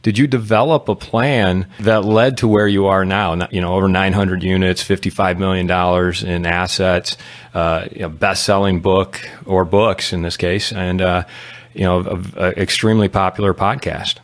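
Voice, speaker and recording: A man hosting a podcast interview, asking questions in a conversational, halting way with fillers. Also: sits low, little pitch movement, dry recording. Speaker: podcast host.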